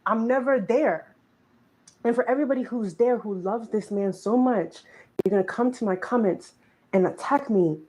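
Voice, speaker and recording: A woman's voice: a little high, normal speed, warm tone, breathy edge, low-quality recording. A woman commentator speaking her opinion emphatically and directly, heard in a played clip.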